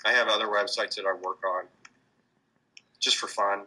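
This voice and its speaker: A man's voice: fairly low pitch, fairly even intonation, moderate pace, bright, forceful tone, husky, low-quality recording. A man answering interview questions about his street performing, hesitant, with many fillers and restarts. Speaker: street performer in mobster costume.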